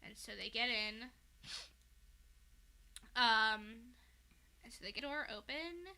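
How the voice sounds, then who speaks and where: This woman, a podcast host, retells a fan fiction in a loose, rambling way, filling it with "like" and "um" and plenty of swearing. Her voice is a little high, expressive, sharp, and clean, and she takes her time.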